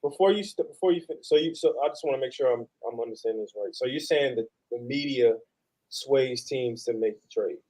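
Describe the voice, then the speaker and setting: A man's voice: medium pitch, fairly quick, dark tone. A man on a sports podcast, talking casually with slang and pushing back with questions.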